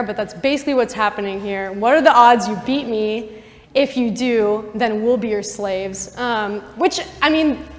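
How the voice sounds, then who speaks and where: A young woman, a campus missionary, giving a casual Bible teaching talk full of "like" and asides to her listeners, in a university chapel. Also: fairly high pitch. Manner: chatty, full of "like" and asides to the audience. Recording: long chapel reverb.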